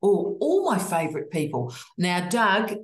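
A woman's voice: on the low side, wildly swooping pitch. Effusive woman host, roomy echo. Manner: effusive, teasing, fast greetings. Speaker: host of online office hours. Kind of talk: casual video call chat. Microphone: video call.

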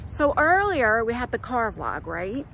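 In this vlog, a woman with a slightly high, sing-song voice and a fairly bright tone talks casually at an unhurried pace, first in a car and then on a walk by a lake. She rambles and laughs at herself, and gets out of breath as she walks. It's recorded on a phone camera and later a selfie stick, with noise from the car and the outdoors.

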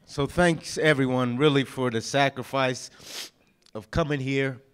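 A groom thanks his guests at his wedding reception. His voice is smooth and clear at a middle pitch, and he speaks in a measured, grateful way, pausing at times to find his words. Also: steady tone, fairly bright tone. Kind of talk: wedding thank-you speech.

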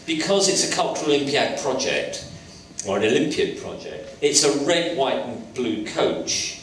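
A man's voice: mid-range voice, moderate pace, slight background noise. A man in his sixties from England, a sculptor telling anecdotes on stage in a college lecture hall and acting out the voices in his stories. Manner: lively storyteller acting out voices. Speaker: sculptor, invited guest artist. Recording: echoey hall from far off.

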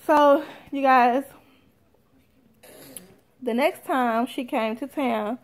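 A woman's voice: high voice, extremely slow. A woman vlogger telling a personal story in casual chat, talking straight to her viewers. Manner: chatty, addresses viewers directly.

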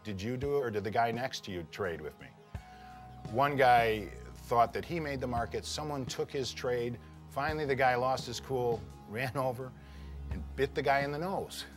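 A man of medium pitch speaks matter-of-factly about fights on the trading floor. Faint guitar music plays underneath. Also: normal speed. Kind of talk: documentary interview.

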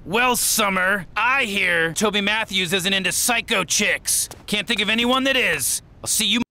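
A man's voice: sits high, a little slow, heavily acted. An actor voicing a bratty old man trapped in a teen clone body in a cartoon. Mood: smug teen. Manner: manic, bratty, yelling catchphrase.

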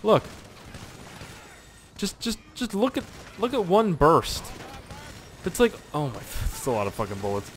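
A young man from Canada giving rambling, profane gameplay commentary with sudden excited yelps. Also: on the high side, measured pace, pauses often, a little hiss or hum. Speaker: gaming channel host.

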